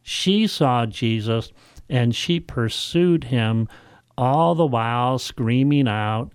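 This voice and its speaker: Slow, deliberate male pastor preaching. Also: medium pitch, clean tone, dry recording, clean studio sound. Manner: measured preaching with slow, emphatic repetitions and rhetorical questions. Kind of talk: sermon.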